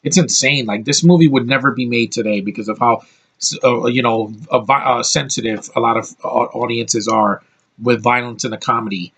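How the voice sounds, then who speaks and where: A man's voice: mid-range voice, fairly quick, a bit bright, husky. Blunt American man reviewing a movie. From United States. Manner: blunt, opinionated, swears freely; rambling with frequent restarts. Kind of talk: casual spoken film review.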